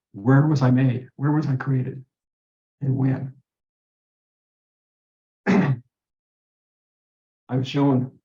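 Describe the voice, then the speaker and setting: A man earnestly telling a personal story in an interview, acting out the voices he quotes. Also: medium pitch. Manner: earnest, animated retelling with quoted dialogue. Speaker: guest telling his story. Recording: roomy dull-sounding recording.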